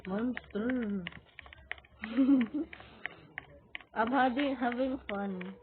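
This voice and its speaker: Shrieky high-voiced woman gamer. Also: very slow. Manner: excitable, shrieks when scared, giggly. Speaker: Roblox player. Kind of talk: gaming commentary while playing. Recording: tinny lo-fi capture with noise.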